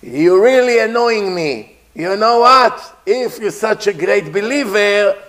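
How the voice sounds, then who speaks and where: A man voicing an angry king who taunts his servant loudly in a told story. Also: high-pitched, animated, slow, voice pushed up, heavily acted. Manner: taunting, loud and scornful.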